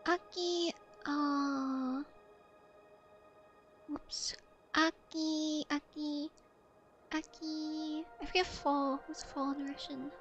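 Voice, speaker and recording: A high, bright-sounding woman streams casually, teasing and chatting with her viewers. She keeps a playful tone and often slips into a soft, quiet voice. Faint music plays in the background. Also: flat delivery, drawn-out words, long pauses, dull audio. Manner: playful, chatty, reads and answers chat. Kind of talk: casual livestream chat.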